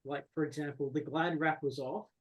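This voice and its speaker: A man joins a shared story in easy chat. His voice sits a bit high, and he speaks hesitantly, with many fillers. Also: fairly even intonation, normal speed, poor audio.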